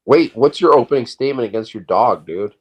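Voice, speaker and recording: A man trades casual comedy banter in a deadpan, teasing manner. His pitch swings widely, rising and dipping through his sentences. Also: breathy edge. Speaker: co-host.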